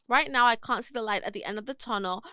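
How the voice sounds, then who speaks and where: A young woman on a podcast, reading a listener's email aloud in an earnest, measured way. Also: a little high, bright, forceful tone, clean tone, no echo, clean studio sound. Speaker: podcast co-host.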